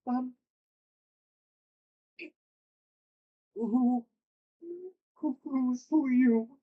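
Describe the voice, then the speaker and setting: A tearful elven shifter, voiced by a man in a tabletop game, pitched well above his usual voice. He stammers and trembles, then draws himself up grandly. The delivery is slow and drawn out. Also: fairly even intonation, phone-quality sound. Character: weepy fey elf shifter, high and fragile.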